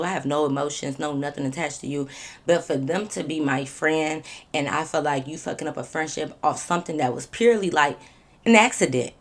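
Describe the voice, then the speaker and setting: A woman telling a storytime vlog to her viewers in a blunt, animated way, swearing freely and repeating phrases for emphasis. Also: low voice. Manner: talks straight to viewers, asking them questions.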